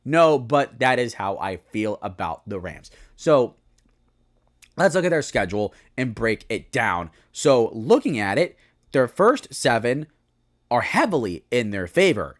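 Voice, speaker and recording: A young man giving a solo football season preview, talking it through with animated, self-correcting analysis. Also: mid-range voice, a little slow. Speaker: sports commentator.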